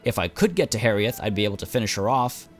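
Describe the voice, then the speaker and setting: A man's voice: lowish voice, animated, fast talker, faint music behind. A man hosting a game let's play, losing his voice as he thinks aloud with plenty of uhs and ums. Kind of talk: gameplay commentary.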